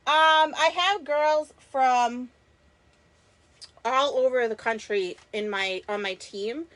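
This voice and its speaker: A woman's voice: high voice, takes it slowly, fairly bright tone. A woman from Massachusetts with a Boston accent, chatting enthusiastically with viewers while she demonstrates a craft live. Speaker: crafter hosting a live stream. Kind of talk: live craft demo chat.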